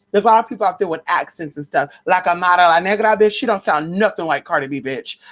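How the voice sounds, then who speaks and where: A woman vlogger in a casual, profane gossip rant, brash and sassy, full of pet names and shout-outs, sometimes jumping into a shrill, mocking high voice. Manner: mocks others in a shrill high voice.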